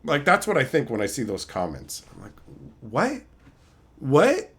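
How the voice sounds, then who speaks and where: A man on a live stream, cursing freely and mocking his critics in a loose, casual rant. His voice swoops animatedly up and down at an ordinary middle pitch. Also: sing-song, brisk, sharp tone. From Canada. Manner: profane, mocking, laughing.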